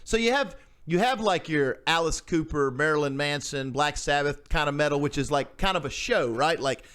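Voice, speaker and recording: Man, podcast host, casual chat, rambling excited storyteller, fairly high pitch. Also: normal speed, clear, resonant tone.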